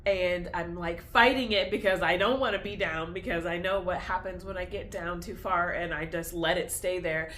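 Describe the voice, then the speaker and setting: A woman's voice: lowish voice, fairly even intonation, moderate pace, few pauses, a bit bright, slight background noise. A young woman talks candidly in a personal vlog, confessional and tearful, laughing through tears as her feelings swing back and forth. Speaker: vlogger.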